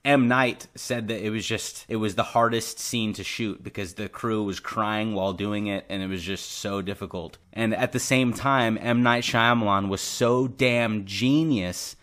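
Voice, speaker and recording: A young man in casual podcast chat with a somewhat low voice. He talks earnestly and with feeling, laughs easily and fills his sentences with "like" and "I mean". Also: measured pace, few pauses, fairly bright tone. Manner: earnest, laughs easily, uses many fillers. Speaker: podcast co-host.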